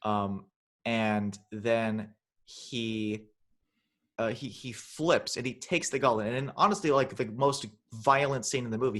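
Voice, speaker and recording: A man retells a film in casual podcast chat. He rambles and restarts, sometimes slipping into exaggerated voices for the characters. His voice sits at an ordinary middle pitch. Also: fairly bright tone. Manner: rambling, many restarts, acts out lines in funny voices. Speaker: podcast co-host.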